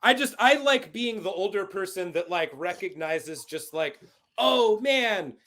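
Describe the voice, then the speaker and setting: A man's voice: high voice, normal speed, fairly bright tone. A man in his thirties, a punk band member, chatting loosely as an interview guest, full of "like" and swearing. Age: 30s. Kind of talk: casual interview chat.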